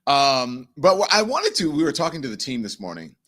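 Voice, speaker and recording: A man's voice: medium pitch, very animated, a little fast, fairly bright tone. A man hosting his own live-stream show, chatting casually, laughing easily and reading out viewer comments from what sounds like an apartment home studio.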